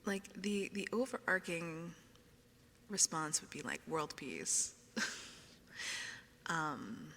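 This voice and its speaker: A woman streaming ASMR into a binaural mic, chatting softly, often whispering and giggling as she reads out questions. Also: low-pitched, lively intonation, slow pace, creaky, long pauses, in a large hall, a little hiss or hum. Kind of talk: soft whispered stream chat. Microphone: binaural microphone.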